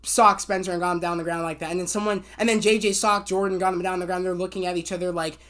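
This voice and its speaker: Talking fast in a low-leaning voice, a woman reviews a TV episode in a loose, spoiler-heavy rant. She acts out lines excitedly, rambles with lots of fillers and restarts, and swears when she's irritated.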